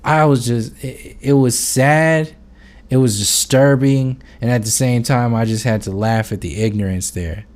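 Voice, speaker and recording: A man's voice: medium pitch, fairly even intonation, measured pace, a little mellow. A man talking off the cuff to camera, rambling with many fillers and restarts and swearing freely. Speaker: video blogger. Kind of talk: unscripted monologue.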